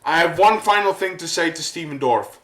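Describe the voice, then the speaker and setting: A man ranting to camera as a vlogger, worked up and halting, repeating his words as he goes. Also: a little high, animated, a bit bright, echoey room, rough recording. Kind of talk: angry rant to camera.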